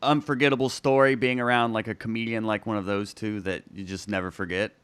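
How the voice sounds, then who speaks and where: A man hosting a comedy interview show over a video call, asking questions in a relaxed, supportive way. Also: fairly low pitch, quick pace, clear, resonant tone, no echo. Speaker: podcast host. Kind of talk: interview host.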